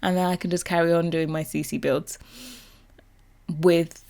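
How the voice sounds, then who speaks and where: A young woman chatting casually over a game build, bubbly and rambling as she gets excited about new content. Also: fairly low pitch, normal speed, gravelly. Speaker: Sims builder and YouTuber.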